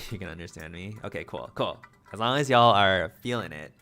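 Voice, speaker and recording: Male streamer, low voice, quick and rambly, slight stutter, casual chat. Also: animated, sharp tone, soft background music. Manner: fast talking, rambling; stutters and mumbles, repeats words.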